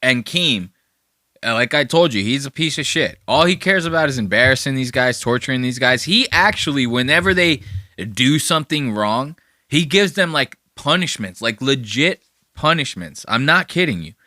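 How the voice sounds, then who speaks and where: A man hosting a podcast in casual reaction commentary, rambling along and swearing freely. His voice is bright and forward, and the recording is dry and close with no room around it. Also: mid-range voice, lively intonation, moderate pace, no echo. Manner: rambling and profane. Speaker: podcast host.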